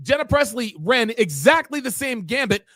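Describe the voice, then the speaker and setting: A man with a strikingly high, bright voice tears into a clip with profane, heated commentary and often shouts. The sound is dry and close, with no room around it. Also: big pitch swings, moderate pace, no echo. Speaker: podcast host.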